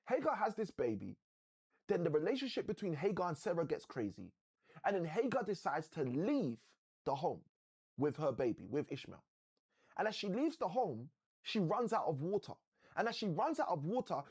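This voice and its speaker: A man hosting a live motivational session, telling a story like a preacher with slow, dramatic emphasis. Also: on the high side, breathy edge.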